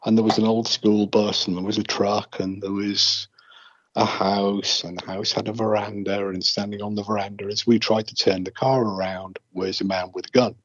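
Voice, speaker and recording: Husky-voiced Englishman telling rambling stories. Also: lowish voice, flat delivery, normal speed. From England. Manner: chatty storyteller, jokey and rambling. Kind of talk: casual chat. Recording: muffled lo-fi recording.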